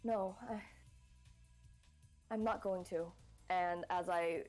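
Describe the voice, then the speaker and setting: A woman's voice: on the low side, fairly even intonation, slow, a little mellow, soft background music. A woman player role-playing her character at a tabletop game, talking casually with fillers and firm refusals.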